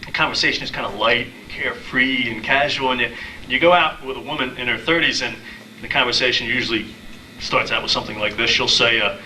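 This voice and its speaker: Bright-voiced man telling stand-up stories. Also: medium pitch, fairly quick, recorded from a distance, slight background noise, poor audio. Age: 30s. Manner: deadpan storytelling with acted-out quotes. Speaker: stand-up comedian. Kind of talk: stand-up comedy set. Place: small live comedy venue.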